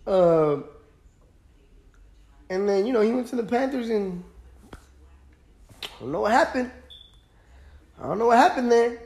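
A man's voice: very high voice, animated, unhurried, long pauses, a little mellow. A young man hosting a podcast, chatting casually about sports in a laid-back, rambling way with lots of fillers. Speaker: podcast host.

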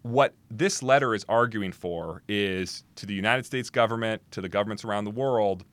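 A man answering as the guest expert in a podcast interview, talking in an animated, emphatic way with quick restarts and asides. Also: lowish voice, no room sound.

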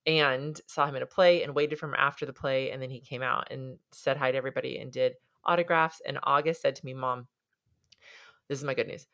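A woman's voice: a bass voice, steady tone, brisk, a bit bright. A woman co-hosting a podcast, telling stories in a casual, chatty way with plenty of filler words. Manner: chatty storyteller, lots of "like" fillers. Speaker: podcast co-host. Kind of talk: casual chat.

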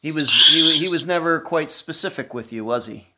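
An interviewer asking calm, leading questions and affirming what they hear. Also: mid-range voice, normal speed, heavy background noise.

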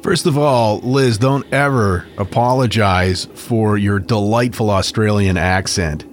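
A man's voice: on the low side, unhurried. An American man co-hosting a podcast, chatting casually and joking. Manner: jokey, animated. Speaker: podcast co-host. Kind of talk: casual chat.

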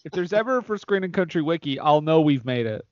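A man's voice: a little high, lively intonation, fast, no echo, lo-fi sound. A man co-hosting a podcast, introducing the show with playful, jokey banter. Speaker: podcast co-host. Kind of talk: casual comedic chat.

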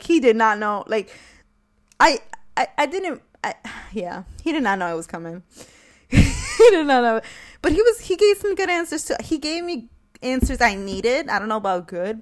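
A young woman hosting a casual podcast alone, talking candidly with many fillers and frequent laughter. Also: mid-range voice. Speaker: podcast host. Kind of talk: casual solo podcast chat.

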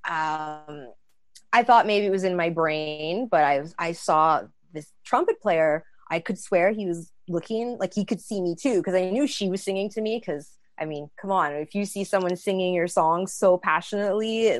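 A woman in her thirties telling a casual, animated story, acting out the lines of others. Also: lowish voice, no echo. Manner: animated, acts out dialogue. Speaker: storyteller guest.

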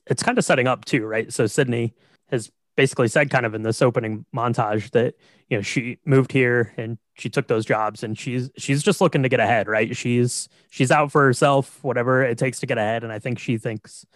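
A man's voice: medium pitch, fairly even intonation, fairly quick, no echo. A man co-hosting a podcast, steadily explaining a film's plot and often checking in with his partner. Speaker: podcast co-host. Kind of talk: casual chat recapping a film.

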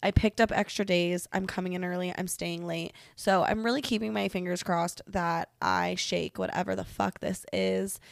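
Speaking at a moderate pace with few pauses, this young woman has a lowish, steady, creaky voice, captured in echo-free studio quality. As a sick, congested podcast host, she vents solo from her bedroom in a rambling, profane, self-mocking monologue.

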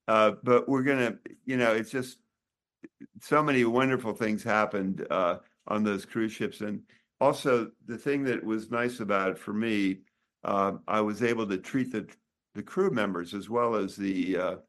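A man over sixty talks in a low, easygoing voice, wandering through his anecdotes. He stops and restarts often, hunting for words. It is casual interview chat rather than a prepared speech. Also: fairly even intonation, fairly bright tone. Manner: rambling, halting, many restarts. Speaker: author and doctor.

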